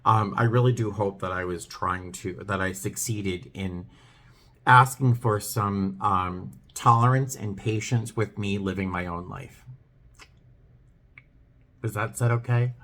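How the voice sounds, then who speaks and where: A middle-aged man talking to his viewers in a vlog, earnest and hesitant, with many pauses and restarts. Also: lowish voice, bright, forceful tone. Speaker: vlogger. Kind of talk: talking to camera, heartfelt chat.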